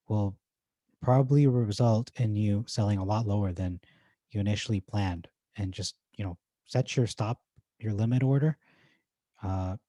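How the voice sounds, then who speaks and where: A man's voice: lowish voice, warm tone, no echo, clean studio sound. A man with an Irish accent giving casual commentary as he reads through forum posts, chatty and loose with jokey asides and fillers. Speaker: stock market YouTuber.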